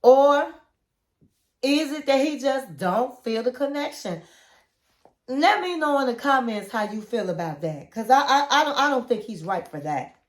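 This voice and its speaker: A woman's voice: high voice, animated, normal speed. A woman vlogger giving a chatty, opinionated recap of a reality show and asking her viewers for their views. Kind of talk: casual chat to camera.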